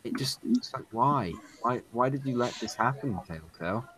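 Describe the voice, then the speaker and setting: A man's voice: medium pitch, lively intonation, normal speed, a bit bright, rough recording. A man co-hosting a casual group podcast over voice chat, rambling through an explanation with many fillers. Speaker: podcast co-host.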